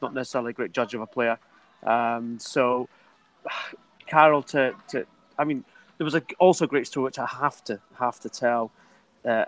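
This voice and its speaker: A football pundit chats casually on a podcast, telling anecdotes with some hesitation. His voice is medium-pitched, and the recording is rough.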